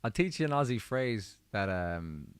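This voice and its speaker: A man with a slightly low voice chats easily with livestream viewers between songs. His voice is a little worn from singing. The sound is dry and close. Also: very animated, a little slow, clean tone, dry recording. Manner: chatty and easygoing, reading out viewer comments. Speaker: musician hosting a livestream.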